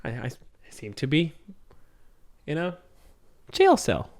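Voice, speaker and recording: A man doing a high, hesitant, polite robot. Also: huge pitch swings, darkish tone, no room sound, clean studio sound, full character voice. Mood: polite, lost. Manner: hesitant, halting, formal politeness. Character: lost polite humanoid robot, male, rusty, skinny, awkward.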